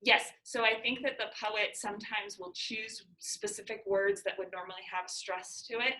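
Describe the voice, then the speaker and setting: Bright-voiced woman teaching a class. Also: mid-range voice, normal speed, echoey room, rough recording. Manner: patient, explains with everyday examples. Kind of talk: classroom lesson.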